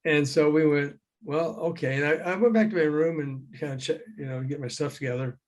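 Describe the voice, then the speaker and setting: A man's voice: on the high side, brisk. An older man, a former record promoter, tells anecdotes as a guest in a conversation over a call. He acts out the voices of the people he quotes and chuckles often. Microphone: remote call.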